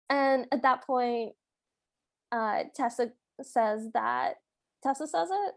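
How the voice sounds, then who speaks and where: A woman's voice: high voice, slow pace, gravelly. A woman co-hosting a podcast, recapping a movie in casual chat and playfully acting out quotes. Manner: playful, acts out quotes with laughs. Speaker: podcast co-host.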